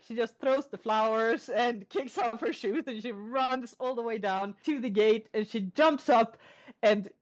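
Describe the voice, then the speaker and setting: A woman retelling an old folk tale in a chatty, animated storytelling style. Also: fairly high pitch. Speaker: podcast storyteller. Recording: lo-fi podcast audio.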